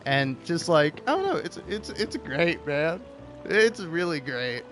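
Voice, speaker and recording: Young male gaming host, high voice, rambling comedic commentary, faint music behind. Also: sing-song, unhurried, a bit bright. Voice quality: rambling, full of "like" and restarts.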